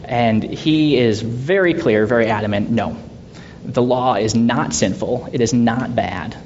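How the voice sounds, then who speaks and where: Guy teaching bible study, chatty, rhetorical questions, muffled lo-fi audio w/ a little rumble. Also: measured pace. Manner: conversational, with soft laughs and rhetorical questions. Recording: dull lo-fi sound with faint rumble.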